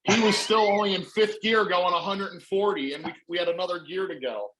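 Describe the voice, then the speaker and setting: Animated male storyteller, slightly high voice, casual chat. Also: fairly quick, a little hiss or hum, poor audio. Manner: animated, acts out voices in stories.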